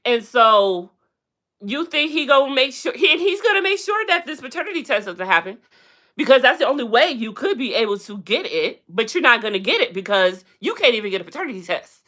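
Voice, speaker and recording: A sassy woman hosting a live stream, her voice bright and a little raised in pitch. She rattles through gossip bluntly, her pitch leaping up and down as she calls out to viewers in the chat. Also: big pitch swings, fairly quick. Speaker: livestream host.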